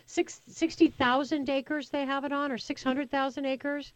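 A woman hosting a talk radio show, chatty and enthusiastic, with quick asides, speaking into a studio microphone. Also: sits high, level tone, rough recording. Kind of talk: talk radio chat with callers.

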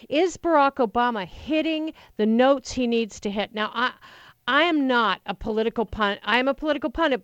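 A woman filling in as a political call-in talk radio host speaks at medium pitch into a studio microphone, with no room sound. She is passionate and rambling, frequently restarting her sentences.

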